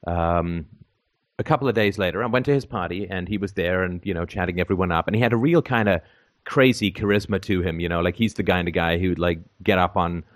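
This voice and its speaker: A middle-aged man from Canada telling a long casual anecdote, rambling with many fillers and restarts. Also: low voice. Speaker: storyteller in conversation.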